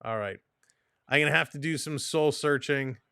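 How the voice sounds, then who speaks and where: Exasperated man, smooth dry voice. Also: fairly high pitch, normal speed, bright, forceful tone, dry recording. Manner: frustrated, exasperated, talks to himself and chat. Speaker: live stream host. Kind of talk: casual live-stream chat.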